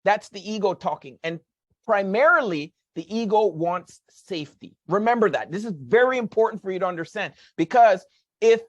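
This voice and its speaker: A man's voice: high-pitched, expressive, moderate pace, no echo, muffled recording. A man giving a motivational lesson on money as a financial educator, talking emphatically, repeating his key points and tagging on rhetorical questions.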